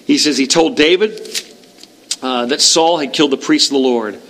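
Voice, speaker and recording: A man preaching a sermon, reading scripture and retelling it with lively, acted-out lines. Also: medium pitch, moderate pace, low-quality recording. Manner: animated storytelling, reads scripture aloud, acts out shouts. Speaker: pastor.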